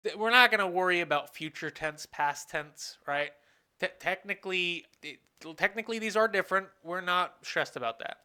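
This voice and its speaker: At normal speed, a professor's medium-pitched voice comes across sharp, clear, and resonant in a recorded lecture. They ask the class questions and answer them, reasoning aloud and frequently self-correcting mid-sentence.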